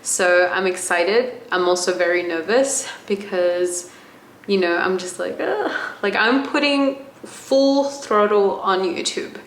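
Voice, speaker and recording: A woman's voice: medium pitch, slow pace, slight background noise. A woman from Australia in her twenties, talking to camera in a casual vlog, gushing and emotional with many fillers and restarts. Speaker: vlogger. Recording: roomy, faint room ambience.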